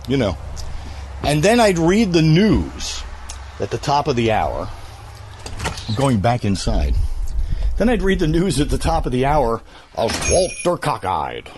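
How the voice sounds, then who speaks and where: A man's voice: mid-range voice, a little slow, long pauses, a little hiss or hum. A man, a voice actor and radio host, chatting casually at home while a little out of breath from a cold, telling rambling stories. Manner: animated, rambling storyteller who slips into impressions. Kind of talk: casual interview chat. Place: at home, walking around.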